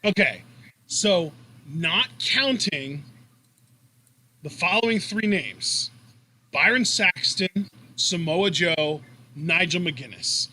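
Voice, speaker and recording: A young man co-hosting a live wrestling reaction stream who talks with excitement, laughs often and swears casually. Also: a little high, slow pace, pauses often, slight background noise.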